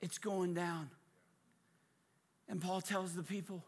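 A man preaching a sermon as a guest speaker, dramatic and humorous, moving from hushed asides to shouting. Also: high voice, little pitch movement, slow. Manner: humorous, conversational storytelling.

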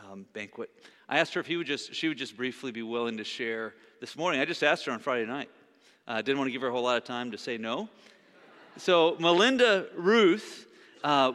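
A man's voice: fairly high pitch, bright, forceful tone. A man preaching a sermon as pastor in a church, talking conversationally and restarting his words often. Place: church sanctuary. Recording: reverberant church hall.

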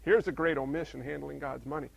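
A male pastor preaching a sermon, full of rhetorical questions and swinging between emphatic and hushed delivery. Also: fairly high pitch, fairly even intonation, fast talker, gravelly, lo-fi sound.

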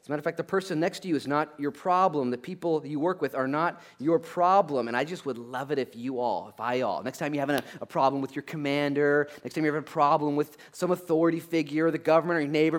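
A man preaching a conversational sermon in an animated, joking way, who drives his points home with a repeated "okay?" and breaks into loud acted-out asides. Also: fairly high pitch, fast, hardly any pauses. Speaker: pastor.

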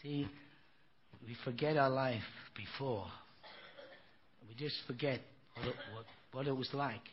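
A man's voice: medium pitch, steady tone, a little slow. An older man preaching a sermon, telling stories in a folksy, emphatic way and often saying "you know.". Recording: dull lo-fi recording with faint noise.

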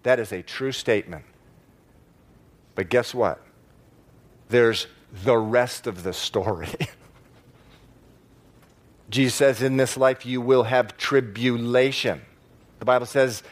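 A man preaching a sermon to a congregation in church, stressing key words by slowing down and repeating phrases. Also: mid-range voice, fairly even intonation. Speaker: pastor.

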